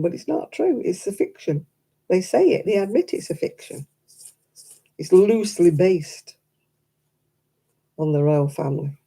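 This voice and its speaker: A woman's voice: lowish voice, animated, unhurried, vocal fry, pauses often, dark tone, breathy edge. A woman chatting casually to her live stream audience, rambling and self-deprecating.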